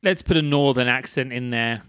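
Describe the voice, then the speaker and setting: A man's voice: mid-range voice, moderate pace, fairly bright tone, smooth, no room sound, clean studio sound. A man in casual, playful chat, co-hosting a read-aloud. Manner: playful, laughing. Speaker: co-host.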